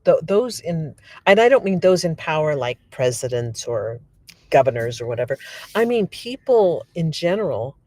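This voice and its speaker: A woman telling stories as a podcast guest, animated and laughing often as she acts out what people said. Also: deep voice, normal speed, no echo. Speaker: podcast guest, remote viewer. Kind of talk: casual storytelling.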